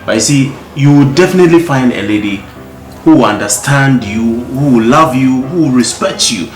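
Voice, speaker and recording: Brief: a man as a relaxed, teasing father, lively pitch, roomy echo. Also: moderate pace, lightly acted. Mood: reassuring. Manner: soothing, repeats himself, teasing. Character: easygoing middle-aged father, joking about women. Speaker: father consoling his son. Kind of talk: Ghanaian movie acting. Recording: echoey room with background music.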